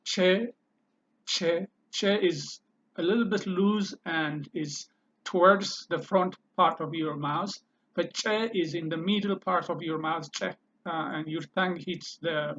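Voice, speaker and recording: A man teaching a language lesson, repeating each word several times and pausing to think with fillers. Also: on the high side, steady tone, a bit bright, a little hiss or hum. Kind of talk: slow spoken language lesson. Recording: slightly dull, lo-fi sound.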